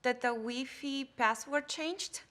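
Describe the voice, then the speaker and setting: An actress with a Colombian Spanish accent playing a hesitant, pleading employee in a scripted drama. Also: female voice, sits high, slow pace, a bit bright. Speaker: on-camera employee.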